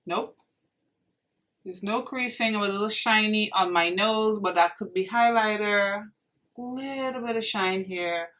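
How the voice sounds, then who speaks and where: A woman's voice: mid-range voice, measured pace, fairly bright tone, distant mic. A young woman reviewing makeup in a casual vlog, gushing and exclaiming to her viewers as if they were friends. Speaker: beauty vlogger.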